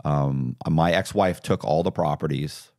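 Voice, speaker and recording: Deep-voiced man telling his story. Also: unhurried, no echo, studio quality. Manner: animated, acts out quoted dialogue. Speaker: podcast guest. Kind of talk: casual storytelling interview.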